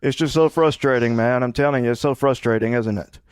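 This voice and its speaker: A man hosting a casual interview show, speaking bluntly and conversationally. His voice sits at a middle pitch and sounds dry and close. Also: brisk, clear, resonant tone, dry recording. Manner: conversational, blunt, laughs easily. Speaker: podcast host.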